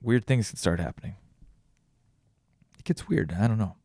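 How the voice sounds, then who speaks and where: A man's voice: fairly low pitch, lively intonation, normal speed, mellow, no echo, studio quality. A tired man hosting a podcast alone, rambling and thinking aloud with many restarts. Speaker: podcast host. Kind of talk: casual solo reflection.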